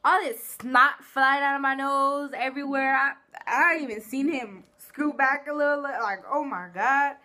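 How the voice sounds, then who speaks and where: High-pitched and at a normal pace with barely a pause, a woman vlogger tells funny stories from her own life to the camera. She's a chatty, giggly, animated storyteller keeping things casual.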